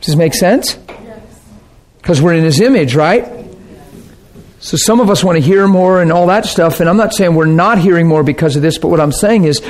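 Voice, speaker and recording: A male preacher delivering a sermon in a conversational, earnest tone. His voice sits a little high for a man, and he keeps turning to the crowd to ask if they follow. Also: moderate pace. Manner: earnest, conversational, often checks in with the audience.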